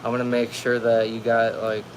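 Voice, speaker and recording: A man's voice: mid-range voice, monotone, normal speed, slight background noise. A young man hosting a casual livestream from home, talking in a laid-back, rambling way full of slang. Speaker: livestream host. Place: at home with a cat. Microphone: phone livestream.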